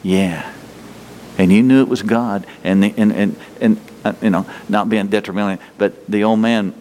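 A man's voice: fairly low pitch, steady tone, normal speed, darkish tone, slight background noise. Middle-aged male preacher, folksy, full of rhetorical questions, reverb from a large hall. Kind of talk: sermon.

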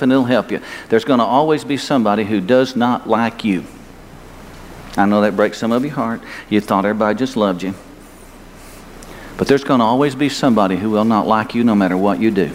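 An older male pastor delivers a sermon in a folksy, emphatic style, his medium-pitched voice brisk and rising on key points. He's in a church sanctuary, and the recording carries long hall reverb, faint ambience, and a little hiss or hum.

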